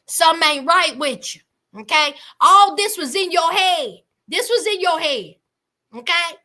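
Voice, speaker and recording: A woman voicing a blunt young man who flatly brushes off a date and keeps repeating himself. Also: very high voice, unhurried, heavily acted. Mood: dismissive.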